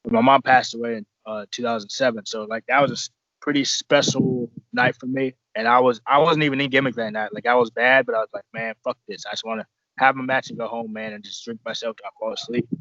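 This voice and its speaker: Wrestler guest for a podcast, rambling and profane, mid-pitched, dry dull recording. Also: male voice, steady tone, fast talker, a bit bright, no room sound. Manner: rambling, profane, restarts often. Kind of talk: casual podcast storytelling.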